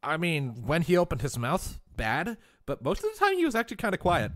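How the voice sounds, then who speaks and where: A man's voice: a little high, wildly swooping pitch, brisk, a bit bright, dry recording, clean studio sound. A man co-hosting a casual podcast chat, giggling as he reads out chat messages. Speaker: podcast co-host.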